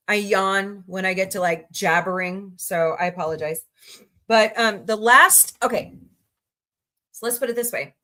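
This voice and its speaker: Woman livestream host, casual, rambling, quick to laugh, home desk mic. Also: bright, forceful tone. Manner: chatty, rambling, reads chat aloud and greets viewers; laughs easily, voices reactions with sudden high squeals.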